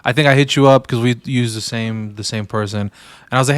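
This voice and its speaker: Casting note: male podcast co-host, mid pitch, joking and easygoing, dry close sound. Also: brisk, smooth, dry recording. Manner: relaxed, says "bro" a lot, joking. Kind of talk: casual chat.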